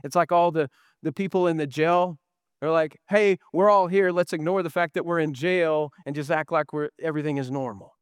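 A man's voice: on the high side, steady tone, fairly quick, clear, resonant tone, dry recording. A middle-aged man preaching a sermon as pastor, earnest and full of rhetorical questions.

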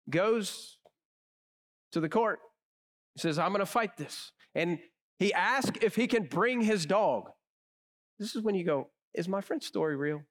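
Male preacher, fairly high voice, animated storytelling, hushed emphasis on key lines. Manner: emphatic, dropping to a hushed low voice on key phrases. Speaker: pastor. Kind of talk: sermon.

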